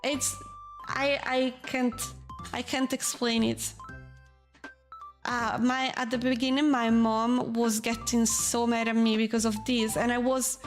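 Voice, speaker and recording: High-voiced rambling woman streamer. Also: measured pace, faint music behind. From Switzerland. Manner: rambling, animated, frank with swearing. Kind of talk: casual live-stream chat.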